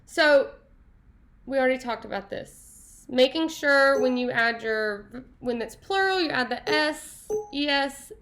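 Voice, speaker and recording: Upbeat high-voiced woman teaching Spanish. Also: unhurried, fairly bright tone. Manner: upbeat, playful, sings snatches and praises answers. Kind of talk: classroom lesson.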